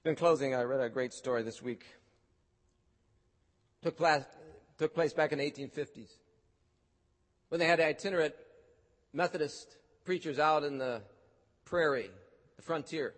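Pastor guy preaching in a big echoey hall, fairly high voice, loud then real soft. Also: moderate pace, long pauses. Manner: dramatic swings from loud to hushed. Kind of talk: sermon.

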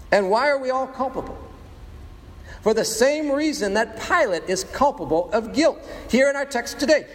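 A man preaching a sermon with dramatic pauses, rhetorical questions and playful sound effects. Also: high voice, in a large hall. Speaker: pastor.

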